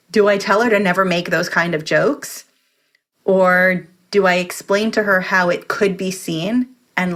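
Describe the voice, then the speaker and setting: A woman's voice: fairly low pitch, fairly bright tone. A woman guest on a podcast, talking in an earnest, reflective way and explaining her thoughts at length. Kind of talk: conversational interview.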